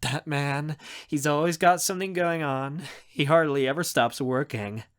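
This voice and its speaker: Man playing a whiny young woman, affectionate, raised pitch, audiobook. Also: normal speed, a bit bright, clean tone, lightly acted.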